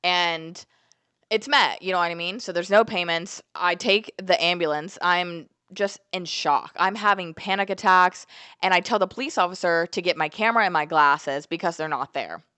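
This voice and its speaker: A woman's voice: on the low side, moderate pace, bright, forceful tone, smooth, no echo. A woman, telling a dramatic fight story in a casual vlog, swearing often and acting out the moments. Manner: profane, dramatic storytelling with acted-out quotes.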